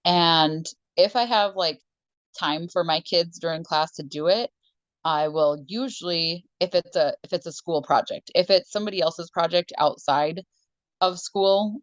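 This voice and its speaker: A woman who teaches shop, chatting casually on a podcast and rambling through stories with quick laughs. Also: low-pitched, dry recording, muffled recording. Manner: rambling storyteller who acts out conversations with laughs.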